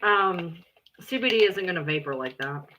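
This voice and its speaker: A woman livestreaming and chatting casually, blunt, exasperated and quick to swear. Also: lowish voice, expressive, noisy background.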